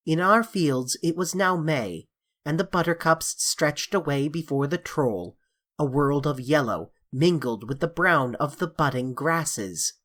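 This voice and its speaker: A reader with a mid-range voice narrates a classic fantasy novel at a measured, even pace. The delivery is steady and descriptive, in the style of a full-length audiobook. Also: mid-range voice.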